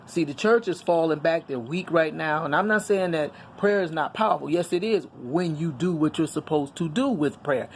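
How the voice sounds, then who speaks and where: A woman's voice: sits low, moderate pace, hardly any pauses, a little hiss or hum. A middle-aged woman talking candidly and earnestly to her viewers in a casual personal vlog, preaching a little as she goes. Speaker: vlogger. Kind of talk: casual personal vlog on faith and current events.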